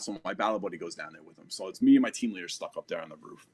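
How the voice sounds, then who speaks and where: American man, thirties, lowish voice, animated podcast storyteller. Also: fast talker, few pauses. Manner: animated storytelling with sound effects. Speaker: podcast guest. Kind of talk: casual war story.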